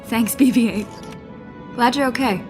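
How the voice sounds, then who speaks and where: A woman's voice: a little high, moderate pace, music in the background, close to an everyday voice. A woman voicing a plucky young rebel mechanic. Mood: warm. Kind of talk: animated series voice acting. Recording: cartoon clip with loud score.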